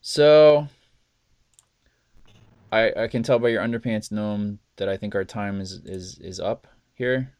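A low-pitched man hosts a casual podcast, telling stories with lively acted-out quotes and frequent laughs. His voice is deep and the sound is dry and close, with no room around it. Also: measured pace, pauses often, clean tone, no echo. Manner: animated storyteller, acts out quotes, laughs often, swears. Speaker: podcast host. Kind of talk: casual chat.

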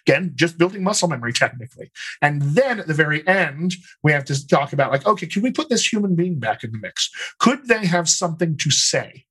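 A man with a General American accent and slight Colorado features, a dialect coach explaining his method in a calm, methodical interview. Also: a little high, a little fast, breathy edge, low-quality recording. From United States. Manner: explanatory, methodical, talks in lists. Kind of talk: conversational interview.

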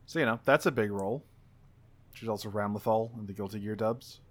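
A man's voice: fairly low pitch, fairly even intonation, brisk. A man co-hosting a casual podcast, reading off voice cast credits with dry asides. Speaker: podcast co-host. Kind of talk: casual chat about game voice actors.

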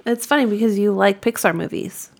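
Woman, podcast co-host; relaxed, dry, mid-pitched voice. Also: fairly quick, creaky. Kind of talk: casual chat.

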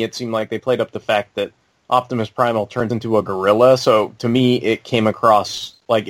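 Low-voiced, halting male co-host. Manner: halting, swears, frequent restarts. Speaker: podcast co-host. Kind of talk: casual chat.

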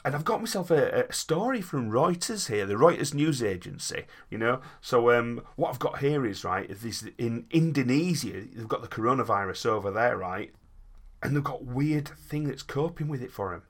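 Chatty man with a lively, rambling delivery. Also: medium pitch, normal speed. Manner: rambling, chatty, stops and restarts often. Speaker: co-host reading out a news story. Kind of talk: joking comic banter.

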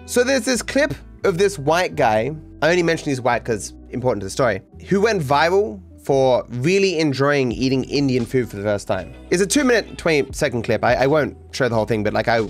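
An Australian man with a mild accent, talking casually to his stream chat while sick, rambling and letting his phrases trail off low. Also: very animated, brisk, soft background music. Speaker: streamer podcast host.

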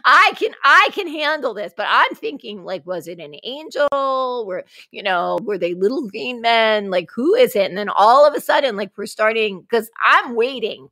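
A woman's voice: medium pitch, normal speed, hardly any pauses, no room sound. A woman co-hosting a casual livestream chat, telling stories with lots of laughter and acting out what people said. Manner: animated storytelling, frequent laughter, acts out quoted dialogue. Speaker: co-host.

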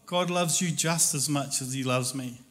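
A man telling a personal story in a casual, animated way, laughing often and acting out voices. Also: medium pitch, normal speed.

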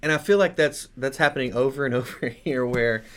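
A man co-hosting a casual Bible study talk, agreeable and quick with short affirmations. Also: medium pitch. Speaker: podcast co-host.

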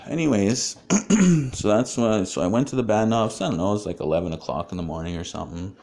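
A man's voice: lowish voice, animated, fairly quick, darkish tone. Man telling a story. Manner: casual, swears often, many fillers. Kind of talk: personal storytelling.

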